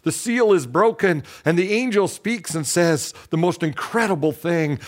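A male pastor delivers a sermon as an earnest, dramatic retelling of a Bible story. His voice sits a little above the usual male range. He leans on pauses and sometimes repeats a word as he builds the scene. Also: sits high, animated.

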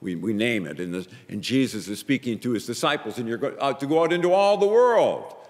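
A man's voice: mid-range voice, lively intonation, a little fast. Emphatic preacher man in a reverberant hall. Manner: emphatic, repeats phrases in pairs, rises and drops in loudness. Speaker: pastor. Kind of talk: sermon.

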